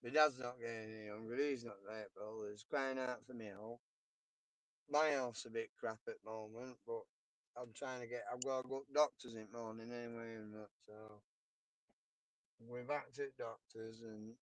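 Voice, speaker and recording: A man's voice: medium pitch, steady tone, normal speed, no room sound. A man with a Yorkshire accent chatting casually on a live stream, rambling and swearing as he tells stories. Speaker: livestreamer. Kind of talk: casual chat.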